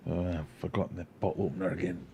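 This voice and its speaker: A man's voice: low voice, steady tone, racing, creaky, mellow, a little hiss or hum. A man hosting a casual livestream, rambling, joking and reading viewer comments aloud. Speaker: aquarium livestream host.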